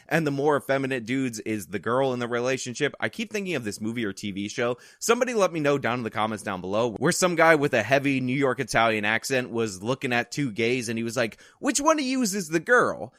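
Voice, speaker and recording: A man's voice: mid-range voice, animated, fairly quick, hardly any pauses, fairly bright tone, no room sound, studio quality. A man hosting an opinion commentary video, delivering it with sarcastic, mocking asides.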